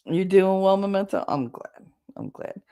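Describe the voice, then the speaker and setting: A middle-aged woman hosting a casual livestream, talking bluntly with plenty of swearing and quick laughs while she chats with viewers. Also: mid-range voice, expressive, warm tone, smooth. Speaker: livestream host.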